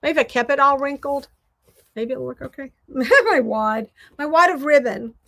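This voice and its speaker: A Southern American woman hosting, chatting casually and rambling while she crafts, quick to poke fun at herself. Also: high voice, vocal fry, a bit bright. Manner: chatty, rambling, self-deprecating. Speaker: host.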